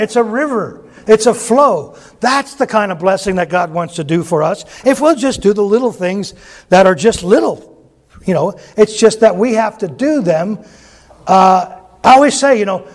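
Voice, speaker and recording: High-voiced man preaching a folksy sermon. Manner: folksy, joking, asks the audience questions. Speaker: pastor.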